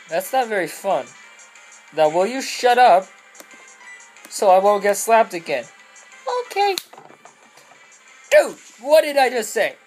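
A young woman giving goofy, rambling commentary over a video game, often breaking into loud squeals and silly voices. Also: mid-range voice, rough recording. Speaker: let's play commentator.

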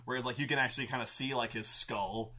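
A man's voice: medium pitch, steady tone, quick pace, sharp tone, breathy edge. A man telling a rambling, profane story about a tabletop campaign he ran as game master.

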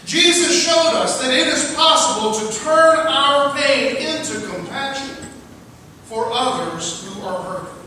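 Pastor in his forties, earnest sermon, high bright voice, heard from far off in a long-reverb sanctuary. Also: a little hiss or hum. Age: 40s. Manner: earnest, slowing for emphasis. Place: large church sanctuary. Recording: echoey hall from far off.

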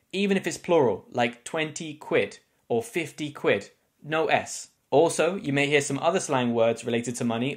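A man with a British English accent, an English teacher giving a scripted slang lesson with clear explanations and wry asides. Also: mid-range voice. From England.

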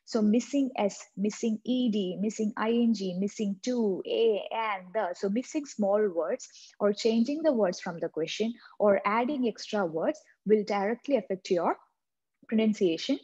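Woman tutor with a non-native english accent, husky mellow voice, dull lo-fi sound, keeps repeating the main points. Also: mid-range voice, normal speed. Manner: earnest, repeats key points for emphasis. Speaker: exam coaching tutor. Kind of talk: instructional tutorial.

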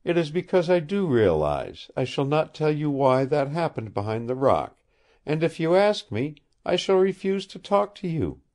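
A man's voice: a little high, big pitch swings, moderate pace, darkish tone, pitched above the performer's own voice. A man reading the part of an earnest, innocent young woman who holds a prisoner, speaking with childlike sincerity. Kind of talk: audiobook character reading.

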